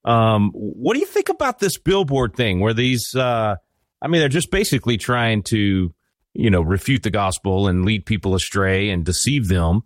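A man's voice: lowish voice, big pitch swings, dry recording, studio quality. Chatty man radio co-host. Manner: quick, chatty, rambling. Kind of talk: casual radio interview.

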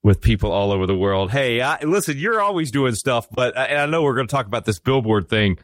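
A male radio co-host asking his guests chatty, meandering questions. His voice has a mid pitch for a man. The sound is dry and close-miked. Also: animated, fairly quick, no echo. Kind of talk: radio interview.

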